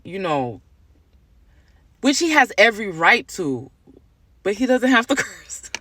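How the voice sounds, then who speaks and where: Bright-voiced mother telling a story. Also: mid-range voice, dry recording, studio quality. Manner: animated, laughing, exasperated. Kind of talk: storytime vlog.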